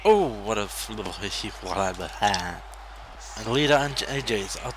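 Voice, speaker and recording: A man casually commentating his own wrestling video game, excitable, jumping between loud shouts and quiet muttering. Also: lowish voice, slow, a little hiss or hum.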